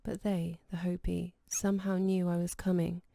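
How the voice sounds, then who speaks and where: A gentle, quietly insistent man speaks low and mellow, with a gravelly edge to the voice, as a woman narrator reads him. The recording is close and dry, with no room sound. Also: little pitch movement, normal speed, dry recording. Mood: recounting.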